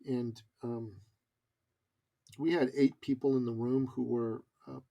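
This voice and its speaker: A man's voice: mid-range voice, level tone, takes it slowly, vocal fry, warm tone. A middle-aged man telling a personal story as a podcast guest, earnest and emphatic. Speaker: podcast guest, business coach.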